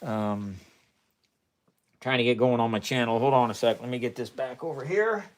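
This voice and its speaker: At normal speed and in a mid-range voice, a man with a Midwestern accent hosts a laid-back science live stream. Speaking into a phone camera, flipped around during the stream, he rambles in a friendly way and responds to viewers' chat from his home chemistry lab indoors.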